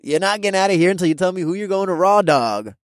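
Nasal, brash young frat boy, crude and teasing, pitched high and dry, as a male narrator puts him on. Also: lively intonation, fast, no echo. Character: loud obnoxious young frat-boy college guy.

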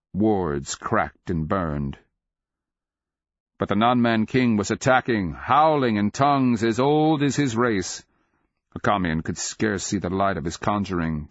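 Low-voiced man narrating a grave fantasy. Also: fairly bright tone, dry recording, highs cut off. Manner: measured, grave storytelling that swells for action. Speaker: audiobook narrator. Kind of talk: dramatic fantasy audiobook narration.

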